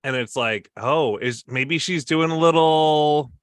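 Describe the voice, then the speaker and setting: A man's voice: on the high side, takes it slowly, smooth, no room sound. Jokey man with a dry, close sound. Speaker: podcast co-host. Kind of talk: casual recap chat on a livestream.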